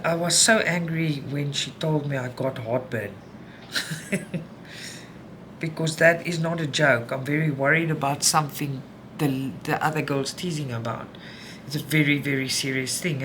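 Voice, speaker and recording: A South African woman chatting candidly to viewers at home while she stitches, venting and talking things through. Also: very deep voice. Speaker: cross-stitch vlogger. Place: home room. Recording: home recording with background noise.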